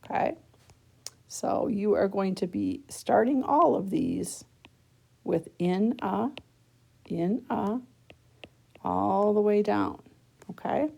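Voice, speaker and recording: A woman's voice: medium pitch, slow pace, creaky, long pauses, a little mellow. A woman teacher patiently walking students through a worksheet, step by step, checking in with a frequent "okay?". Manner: talks students through each step of the task. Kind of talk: worksheet lesson recorded for students.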